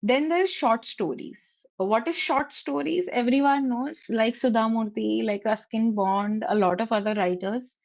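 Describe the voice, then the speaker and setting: A woman's voice: a little high, normal speed, vocal fry, highs cut off. A woman with an Indian accent giving an online talk, explaining terms and often checking in with "okay?". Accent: Indian English. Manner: explains in English mixed with Hindi, frequent "okay?" checks. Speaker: guest speaker on reading. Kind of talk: online presentation with slides. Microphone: video call.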